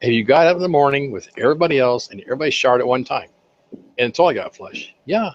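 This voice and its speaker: An older man, the guest of an interview, telling folksy, animated anecdotes about his accounting work with contractors and acting out the quotes. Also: mid-range voice, fast talker. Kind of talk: casual interview storytelling. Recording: slightly dull lo-fi sound.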